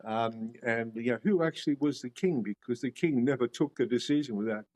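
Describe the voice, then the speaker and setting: A man's voice: medium pitch, fairly quick, darkish tone, poor audio. A middle-aged Australian man as an interview guest, telling his story with animation and acting out his own past reactions. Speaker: guest, shamanism teacher.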